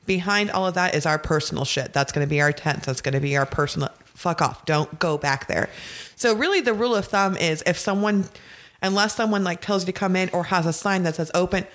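A woman's voice: lowish voice, fairly quick. A woman talking as a podcast guest in casual chat, blunt and profane, laughing often as she explains. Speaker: guest, festival veteran.

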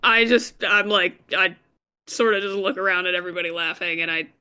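A tabletop player talks through their moves in a hesitant, chatty way, full of questions. The voice is bright, smooth and clear at a middling pitch. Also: fairly quick. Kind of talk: casual chat at a game table.

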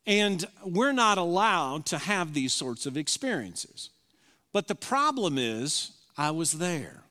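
A man's voice: fairly high pitch, sing-song, takes it slowly, bright, forceful tone. A pastor in his fifties preaching a sermon, telling an emotional personal story and reading from an old journal. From Southern US. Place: church sanctuary. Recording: reverberant hall.

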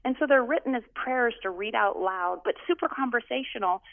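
Woman pastor talking over a phone line, gravelly voice, lively and emphatic, dry tinny sound. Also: a little high, fairly quick, no echo. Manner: animated, emphatic storytelling. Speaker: pastor and author. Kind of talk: phone interview guest.

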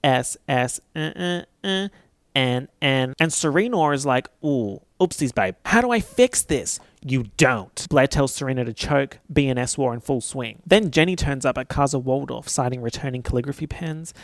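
A man giving a casual recap of a TV episode, animated and sassy, swearing freely and jumping into high squeals. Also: moderate pace, no echo, studio quality. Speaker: TV recap vlogger.

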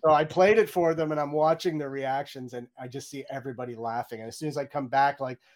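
A man's voice: medium pitch, steady tone. A middle-aged man, a game audio director, chatting in an interview and acting out his own reactions in quoted lines. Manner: fast, chatty, many "you know"s and restarts. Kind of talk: candid interview storytelling.

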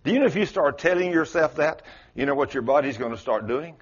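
Speaking fast and expressively in a somewhat high voice, a man preaches to a congregation in a church sanctuary. His sermon is folksy and story-driven, with Southern turns of phrase and acted-out quotes, captured on a dull lo-fi church recording.

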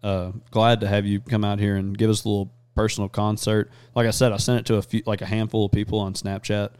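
A man hosting a podcast, chatting casually and crudely, rambling fast between jokes. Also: lowish voice, level tone, darkish tone, clean tone, dry recording. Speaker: podcast host. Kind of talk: casual chat.

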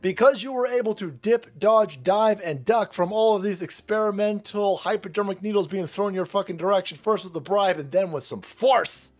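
A man's voice: high voice, normal speed, hardly any pauses, soft background music. A man with a sarcastic, mocking, profane delivery, hosting a ranting commentary show. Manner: sarcastic, mocking, puts on voices of opponents. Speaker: political commentary host.

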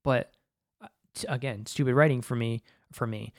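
A man's voice: medium pitch, steady tone, a little fast, no room sound, studio quality. Exasperated profane man reviewing an episode. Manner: profane, exasperated, rambling with many fillers. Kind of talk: casual spoken commentary.

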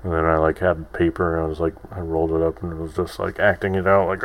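A man's voice: low voice, little pitch movement, fast talker, hardly any pauses. A man in his thirties hosting a solo podcast, rambling and self-deprecating with lots of restarts. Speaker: podcast host. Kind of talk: casual solo podcast monologue.

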